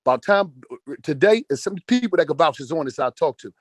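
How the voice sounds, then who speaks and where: A man in his forties, speaking in a group audio call over a phone, delivers a profane, emphatic motivational rant, repeating phrases for force. His voice is fairly high with lively intonation and a slightly fast pace, with no echo.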